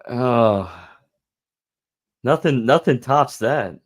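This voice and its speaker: A man chatting as a podcast guest, laid-back and dropping quick jokes. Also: medium pitch, animated. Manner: laid-back, chuckling one-liners. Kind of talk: casual chat.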